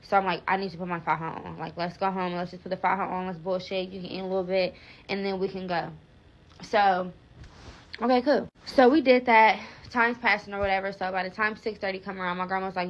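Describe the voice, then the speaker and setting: A woman's voice: medium pitch, steady tone, fairly quick, muffled recording. Rambling young woman telling a storytime. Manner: rambling, frequent "like", swears freely, restarts. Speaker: vlogger. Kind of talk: casual storytime vlog.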